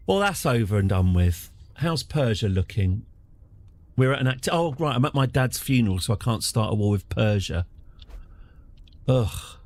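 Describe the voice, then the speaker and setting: A middle-aged man chats through a live game stream in a wry, self-deprecating way, dropping in plenty of fillers. His pitch jumps about a lot as he talks, which gives his commentary a lively, animated feel. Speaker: streamer, host of the channel. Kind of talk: casual live-stream commentary while playing a strategy game.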